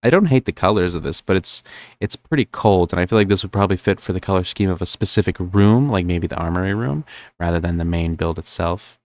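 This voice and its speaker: A young man with a New Jersey accent rambles through live-stream gameplay commentary in a deep, low voice. He thinks aloud, circling back with ums and likes. The sound is dry, with no room echo. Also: quick pace.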